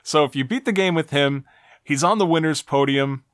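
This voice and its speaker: A man's voice: fairly high pitch, normal speed, a bit bright, no room sound, clean studio sound. A man co-hosting a casual talk show, walking through game endings and reading their text aloud with a wry tone. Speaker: podcast co-host. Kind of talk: casual retro game discussion.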